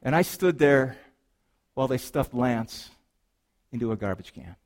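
In a church sanctuary, a middle-aged man delivers a sermon as pastor, alternating lively stories with quiet, earnest reflection. He speaks in a mid-range voice, unhurried.

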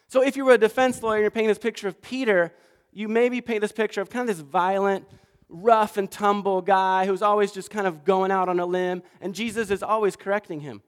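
A pastor giving a sermon, telling stories in an animated way and acting out the quoted voices. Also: male voice, sits high, brisk, clean tone. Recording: long reverb of a large hall.

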